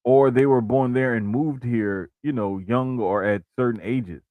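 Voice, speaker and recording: A man co-hosting a wrestling podcast in relaxed casual talk, full of "like" and "bruh" and frequent restarts. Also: medium pitch, measured pace, no echo, phone-quality sound. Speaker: podcast co-host.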